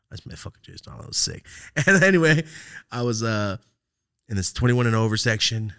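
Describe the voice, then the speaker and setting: A young man hosting a podcast, telling a long story in casual, profane chat and jumping into loud quoted outbursts. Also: fairly low pitch, no room sound, studio quality. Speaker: podcast host.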